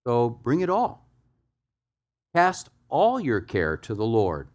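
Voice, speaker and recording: A man's voice: huge pitch swings, takes it slowly. Male pastor, mid-range voice, emphatic sermon delivery with big swings in volume, guides the congregation through the text. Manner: emphatic, swings between soft low asides and loud raised exhortation.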